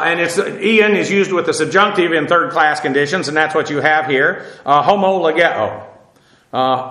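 A man teaching a verse-by-verse Bible study, parsing Greek grammar with frequent pauses and "uh" as he explains. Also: on the high side, sharp tone, echoey room. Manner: explanatory, stops often with "uh" to parse grammar.

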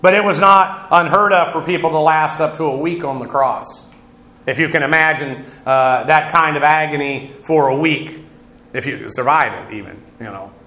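A man with a fairly high, bright, forceful voice teaches a Bible lesson in a lecturing way. He fills his pauses with "uh" and often repeats and rephrases himself. The room around him is echoey and full of reflections. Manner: lecturing, frequent "uh" fillers, stops to repeat and rephrase. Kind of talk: verse-by-verse Greek Bible lesson.

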